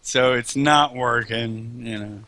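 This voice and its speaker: A man's voice: mid-range voice, takes it slowly, sharp tone. A man chatting casually over a game, joking and swearing as he rambles. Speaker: host. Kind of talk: casual chat over gameplay.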